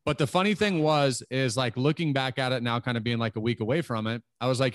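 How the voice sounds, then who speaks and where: A man's voice: mid-range voice, quick pace, hardly any pauses, no room sound, studio quality. A man in his late thirties hosting an interview, talking earnestly in a rambling way full of "like" fillers. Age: 30s. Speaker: podcast host. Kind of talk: casual interview chat.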